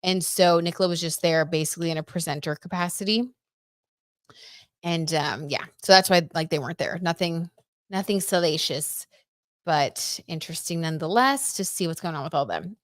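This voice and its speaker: Woman, young adult, tarot livestream host, chatty, lowish voice, dry sound. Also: no room sound. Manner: chatty, reads viewer comments aloud with excited reactions. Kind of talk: casual livestream chat.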